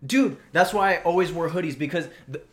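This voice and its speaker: A man's voice: on the high side, fairly quick. A young man co-hosting a casual podcast, telling crude, rambling stories full of quoted dialogue. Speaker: podcast co-host. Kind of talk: casual chat.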